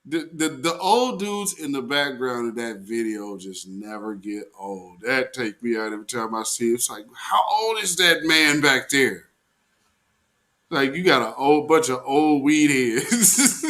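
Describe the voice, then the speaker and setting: Slow-talking man hosting a livestream. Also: mid-range voice, animated, sharp tone. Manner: laughs often, loose and filler-heavy; slangy, talks straight to viewers. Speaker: host of a weekly livestream show. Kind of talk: casual livestream commentary.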